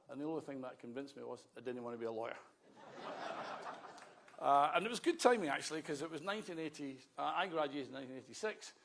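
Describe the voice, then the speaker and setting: A Scottish man in his sixties, a politician giving a wry, anecdotal speech at a rally with self-mocking asides. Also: mid-range voice. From Scotland.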